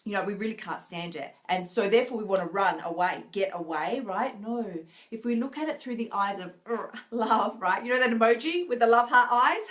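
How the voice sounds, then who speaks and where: This is a woman coaching her viewers in a live video, with a mid-range voice that sits neither high nor low. She talks in an earnest, encouraging way, keeps checking in with "right?", and laughs lightly as she goes. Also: a bit bright. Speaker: binge eating coach.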